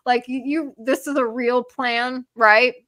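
A woman, a journalist guest on a podcast interview, talking in an animated, sarcastic way with many fillers. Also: fairly high pitch, slow pace, dry recording, clean studio sound.

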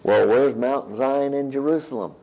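A pastor with a medium-pitched, dark-toned voice preaches at normal speed on a rough recording. Chatting with his listeners as he goes, he reads scripture aloud and asks "right?".

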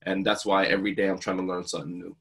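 Low-voiced earnest man telling heartfelt stories. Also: level tone, rapid-fire, a bit bright. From New Jersey. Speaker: guest speaker. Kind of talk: emotional storytelling.

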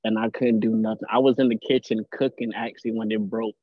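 A man giving an earnest, halting testimony on a live call, repeating words as he goes. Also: lowish voice, flat delivery, no echo. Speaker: caller sharing a testimony. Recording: tinny phone-like line, dry.

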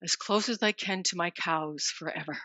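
Woman, 60s, farm coach presenting live, bright energetic delivery, lo-fi recording. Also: on the low side, moderate pace, no room sound. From Manitoba, Canada. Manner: lively, addresses listeners by name, drops in French words. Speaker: farm family succession coach.

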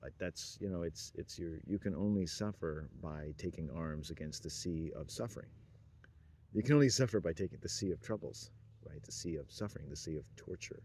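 A man with a very low voice drifts through a meandering monologue, chuckling to himself and letting sentences trail off. A faint hiss of noise sits under the recording. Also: brisk, warm tone. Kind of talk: rambling stream-of-consciousness monologue.

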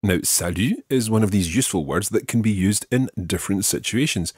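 A male language teacher with a fairly low, slightly husky voice that moves up and down a lot as he explains. He walks patiently through each phrase and models its pronunciation for the learner. The sound is close and dry. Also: brisk, a little mellow, dry recording. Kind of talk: podcast language lesson.

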